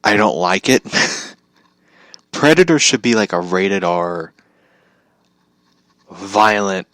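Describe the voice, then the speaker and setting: A man's voice: low-pitched, animated, takes it slowly, fairly bright tone, no room sound. A young man talking casually in a rambling vlog monologue, laughing often, swearing and restarting his sentences. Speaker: vlogger.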